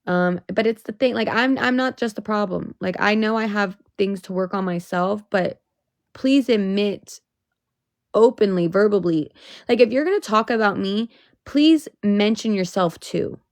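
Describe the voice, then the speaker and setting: A woman's voice: mid-range voice, a little slow, no room sound. A young woman venting on a casual livestream, emotional and swearing, rising into exasperated outbursts.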